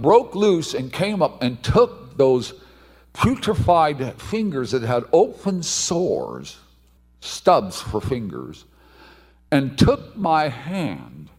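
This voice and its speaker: A man preaching a sermon, telling a story with animated delivery and sudden shouted outbursts. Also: medium pitch, slow, slightly rough. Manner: animated, acts out voices, bursts into shouts.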